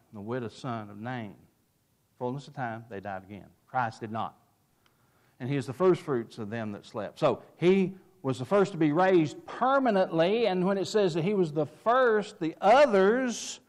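Man teaching a Bible class, a bit high-voiced, emphatic, quotes chapter and verse. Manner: emphatic, cites chapter and verse, repeats key words; leads with questions and answers them himself.

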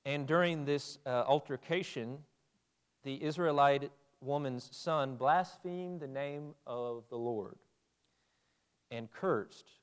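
A man's voice: mid-range voice, slow, clear, resonant tone. Man preaching a conversational sermon. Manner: conversational, asks the audience questions.

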